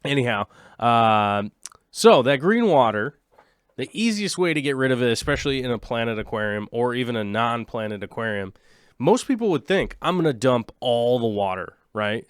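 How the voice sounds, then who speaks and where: Guy pushing forty rambling about fish tanks on his stream, jokey, smooth voice, dry sound. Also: medium pitch, big pitch swings, moderate pace, no room sound. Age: late 30s. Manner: rambling, jokey, chats with viewers. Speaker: aquarium livestream host. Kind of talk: casual livestream chat.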